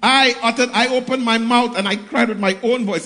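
A man preaches in a church, his voice sitting very high for a man. He reads long passages of scripture and then rises to call out to the congregation. The sound rings with the long reverb of a church hall. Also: moderate pace, a bit bright. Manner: preaching with scripture readings, rising and calling out to the congregation. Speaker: pastor. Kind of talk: sermon.

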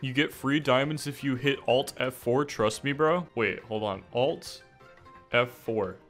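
A man streaming a game, talking casually to chat, excitable, jokey and swearing, with faint music behind him. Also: mid-range voice, unhurried. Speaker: gaming streamer. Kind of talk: casual gameplay commentary to chat.

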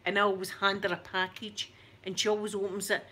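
A woman's voice: mid-range voice, little pitch movement, brisk, pushed and bright. A woman in her forties with a thick Scottish accent, chatting to her camera in a rambling, self-mocking way. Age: 40s. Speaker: YouTuber.

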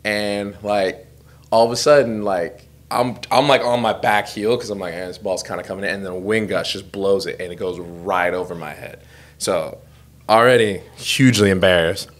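A man's voice: on the low side, normal speed. A young man in his twenties, co-hosting a podcast, telling a rambling, self-deprecating story in a casual chat and laughing through it. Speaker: podcast co-host.

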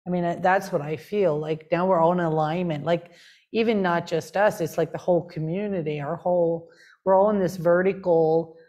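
A woman with a somewhat low voice shares her spiritual story in easy conversation. She sounds earnest and rapt, and her talk is full of "like" and "you know." The tone stays heartfelt throughout. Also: fairly even intonation, moderate pace, warm tone, dull audio. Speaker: spiritual community member sharing her story.

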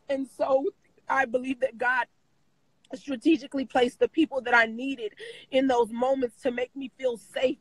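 A woman with a high voice speaks in an interview about her own experiences, heartfelt and repetitive, often saying "you know what I mean". The sound is dry and close. At times she is crying as she talks. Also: husky, dry recording, rough recording. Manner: emotional, repeats phrases, many fillers. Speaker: interview guest. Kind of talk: personal testimony in interview.

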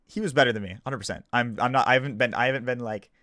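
A man's voice: mid-range voice, very fast, pushed and bright, dry recording, clean studio sound. A man, just woken up, explaining himself in a casual video commentary, defensive and stumbling, repeating and restarting his sentences. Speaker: gaming YouTuber.

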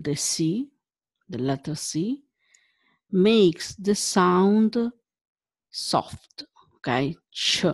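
A woman with an Italian accent teaching syllable pronunciation, saying each syllable slowly and repeating it. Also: lowish voice, darkish tone. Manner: slow and deliberate, repeating syllables for the learner. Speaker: language teacher. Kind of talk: slow pronunciation drill.

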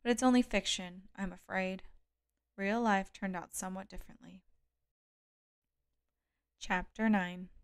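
A woman reading a thriller audiobook aloud in a measured, calm storytelling manner. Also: medium pitch, smooth. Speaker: audiobook reader. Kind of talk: scripted narration.

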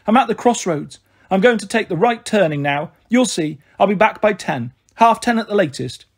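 A man's voice: lively intonation, moderate pace. A man reading aloud, voicing a flighty, affectionate young mother in a storybook. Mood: defiant. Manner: gushing and breezy, high and bright.

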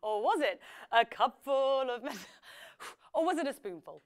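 A woman's voice: on the high side, lively intonation, normal speed. A young woman hosting a live quiz on an app, chatty and playful, reading out the answer splits and breaking into bits of songs. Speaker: quiz show host.

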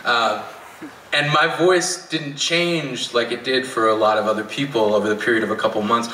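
A man with a bright, forceful voice tells a story to a live audience and laughs dryly along the way. He sounds distant from the mic, in a roomy outdoor amphitheatre with a faint hum of ambience behind him. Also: mid-range voice, fairly quick. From Canada. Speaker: spoken word poet.

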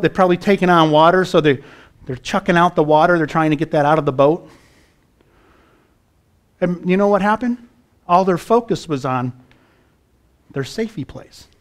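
A middle-aged pastor delivering a sermon with a somewhat high voice. He builds to fervent, raised passages and keeps asking the congregation questions. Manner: preaching with rising fervor, rhetorical questions to the congregation.

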